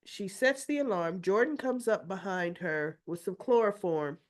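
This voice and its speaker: A woman's voice: mid-range voice, normal speed. A woman hosting a casual soap opera recap, chatty and opinionated, acting out the characters' lines and sounding a little winded. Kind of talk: casual retelling of episodes.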